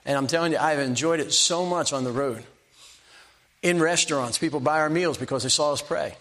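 A man's voice: fairly high pitch, a bit bright. Older man preaching folksy stories. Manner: folksy storytelling, stumbles and restarts, slow emphatic punchlines. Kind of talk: sermon with personal stories.

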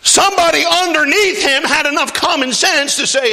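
A high-pitched male preacher delivers a lively sermon, calling out to the congregation for responses. His voice is bright and forceful as he acts out the people in his story and often climbs into a shout. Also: moderate pace, creaky. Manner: animated, calls for response from congregation.

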